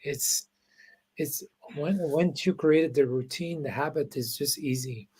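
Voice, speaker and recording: A man hosting an interview, talking in a halting way with many restarts and fillers over a video call. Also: a little high, a little mellow, husky. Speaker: podcast host. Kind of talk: casual interview chat.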